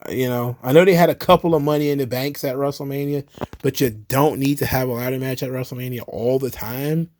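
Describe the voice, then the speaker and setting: A man's voice: mid-range voice, steady tone, a little fast, a little mellow. A man hosting a wrestling commentary show, ranting casually with sarcasm and exasperation.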